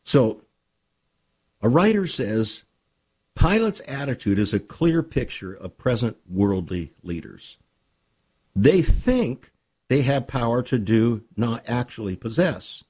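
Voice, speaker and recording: A man preaching a sermon, slow and emphatic, repeating key phrases, with a slightly husky voice. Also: medium pitch, sing-song, a little mellow. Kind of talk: sermon with ministry book offer.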